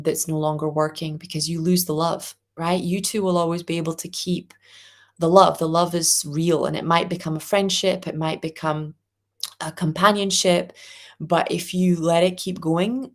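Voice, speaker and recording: Gentle lower-voiced woman giving readings. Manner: gentle, reassuring, addresses viewers as darling; reads viewer comments aloud. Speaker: angel reading host. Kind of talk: live-stream spiritual reading.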